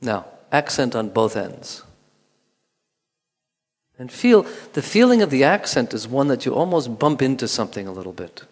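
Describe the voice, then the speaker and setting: Male movement teacher, calm and instructive, melodic delivery, long hall reverb. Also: mid-range voice. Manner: calm, instructive, with pauses and spoken counting. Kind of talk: guided movement lesson.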